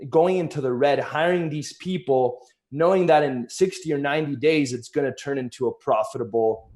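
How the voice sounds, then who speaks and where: A man's voice: mid-range voice, moderate pace, darkish tone. A man in casual business conversation, explaining his points earnestly with examples.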